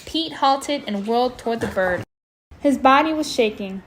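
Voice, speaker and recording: A woman reading a scary story aloud in a casual, expressive way, breaking off to chat. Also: on the high side, moderate pace, a little hiss or hum, rough recording. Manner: chatty, expressive, breaks off to comment. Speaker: amateur audiobook reader. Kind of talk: casual read-aloud with commentary.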